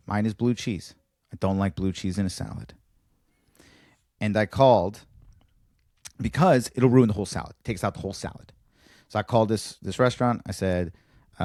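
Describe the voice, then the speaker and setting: Male podcast co-host, low-pitched, animated stand-up storytelling, dry studio mic. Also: moderate pace, long pauses, no room sound. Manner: animated storyteller, acts out dialogue with big pitch jumps. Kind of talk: casual chat, telling a stand-up bit.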